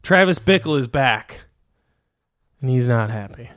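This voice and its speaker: A man's voice: medium pitch, lively intonation, measured pace, a bit bright, no room sound, studio quality. A man co-hosting a podcast, riffing crude joke movie ideas in casual banter and laughing often. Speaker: podcast co-host.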